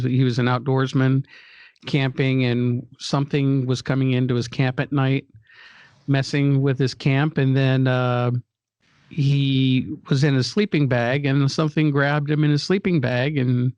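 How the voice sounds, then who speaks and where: A male guest on a podcast who talks in a relaxed, casual way and hesitates often. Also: mid-range voice, no echo. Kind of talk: casual conversation.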